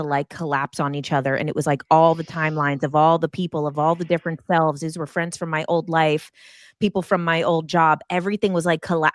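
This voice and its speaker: A woman in her thirties telling a personal story in casual chat, animated and acting out her own past reactions. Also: clear, resonant tone, no echo, studio quality. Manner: animated, acts out her own past lines in high excited bursts.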